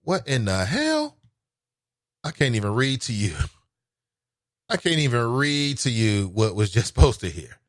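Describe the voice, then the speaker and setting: He has a mid-range, sing-song voice and an unhurried delivery broken by long pauses, recorded dry at studio quality. This American host of a call-in talk show, speaking in a Cincinnati accent, chats easily and meets listener comments with laughs and exclamations.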